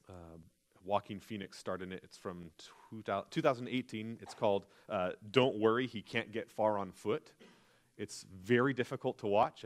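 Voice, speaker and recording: A man, a pastor, preaching a sermon in an earnest, confessional storytelling manner. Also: lowish voice.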